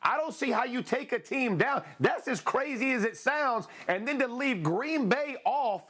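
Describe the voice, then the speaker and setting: A man's voice: extremely high pitch, animated, moderate pace, fairly bright tone, slightly rough. A male sports analyst, emphatic and combative, talking in a loose colloquial way. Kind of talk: heated sports debate.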